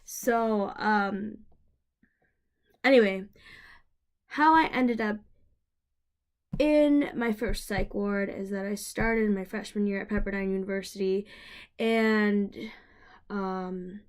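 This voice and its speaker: A woman's voice: medium pitch, steady tone, takes it slowly, long pauses, smooth. A young woman casually telling her own story to the camera, rambling with many fillers, restarts and laughs. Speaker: vlogger.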